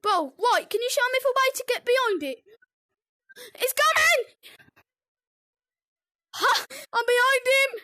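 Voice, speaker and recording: A British gaming video host with an excitable, teasing manner, yelping and giggling while commenting on a game. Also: very high-pitched, fairly quick, hardly any pauses, dry recording, clean studio sound. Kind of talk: excitable let's-play commentary.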